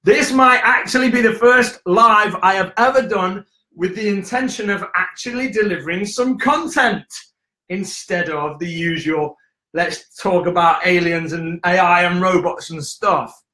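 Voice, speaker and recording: Hyper young guy from the uk doing a live stream, high bright voice, echoey room. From United Kingdom. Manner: hyper, jokey, quick storytelling with acted voices. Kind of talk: casual live-stream chat. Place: indoor room at home.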